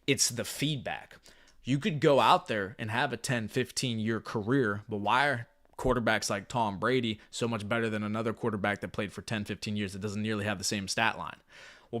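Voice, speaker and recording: A man's voice: lowish voice, fairly bright tone. A man coaching phone sales in a live stream, talking in an intense, hyped-up, blunt and profane way. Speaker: sales trainer.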